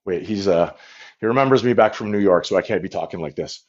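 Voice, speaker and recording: A man's voice: sits low, fast talker. A man in a comedic livestream, rambling and boasting to his viewers, talking into a phone held at arm's length. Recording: dull lo-fi phone stream.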